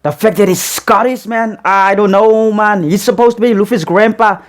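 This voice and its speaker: A man with a high voice gives casual reaction commentary on a show. He repeats his points over and over and tacks "man" onto almost every sentence. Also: fairly even intonation, moderate pace. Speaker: reaction video host.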